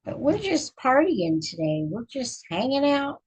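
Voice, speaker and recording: A woman's voice: high-pitched, sing-song, a little slow, darkish tone, husky, rough recording. A middle-aged woman from Texas hosting a casual live stream, chatting with viewers and counting stitches aloud as she crochets. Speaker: channel host reading books.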